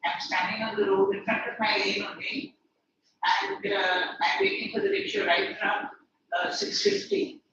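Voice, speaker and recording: A man's voice: sits high, big pitch swings, moderate pace, vocal fry. An older man, a tutor chatting casually with students before an online class begins, telling everyday stories. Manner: chatty, anecdotal. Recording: far from the mic, echoey, dull, noisy.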